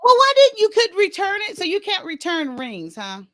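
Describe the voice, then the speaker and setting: Chatty woman host, high voice that jumps around a lot, teasing and nosy. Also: huge pitch swings, moderate pace, fairly bright tone. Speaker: talk show host. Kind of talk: casual interview chat.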